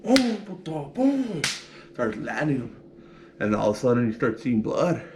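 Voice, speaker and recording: A man's voice: mid-range voice, moderate pace, background noise. A young man telling a prison story casually, acting out punches sound effects and swearing freely.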